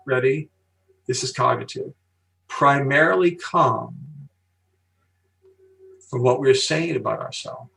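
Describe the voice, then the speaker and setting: An older man, a guest speaker on psychology, telling stories and explaining ideas slowly and emphatically in an interview. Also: mid-range voice, gravelly, fairly bright tone, recorded from a distance, rough recording. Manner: emphatic, slow deliberate pauses, storytelling. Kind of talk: podcast interview.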